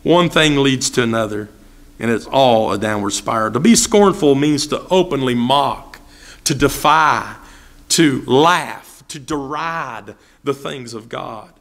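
A man's voice: mid-range voice, a little slow, a bit bright. A man preaching a sermon as pastor, asking repeated rhetorical questions and acting out the voices of people he quotes. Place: church sanctuary.

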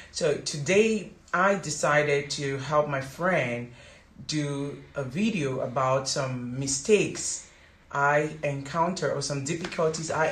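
A woman from Africa, a teacher giving casual advice in a rambling way, repeating words and using many fillers. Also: low-pitched. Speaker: English teacher and vlogger. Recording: roomy echo.

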